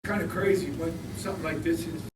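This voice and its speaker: An older man in his sixties tells a lively story to a live audience, acting out what others said and laughing along. His voice sits a bit high for a man. He stands back from the mic in an echoey room, with loud ambient noise behind him. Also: fast talker, far from the mic. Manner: animated, laughing, acts out quotes. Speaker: former player telling stories.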